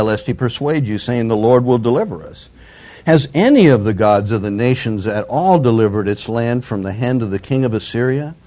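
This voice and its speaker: A man's voice: mid-range voice, darkish tone. A man preaching a sermon. He reads scripture aloud with rising emphasis, then explains it plainly to his listeners. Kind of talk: sermon, Bible reading and commentary.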